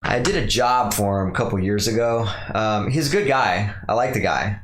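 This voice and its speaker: A man's voice: on the low side, normal speed, a little hiss or hum. A young man hosting a podcast, rambling casually through a solo rant and mimicking other people in quotes. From Pacific Northwest. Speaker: podcast host. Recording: echoey room.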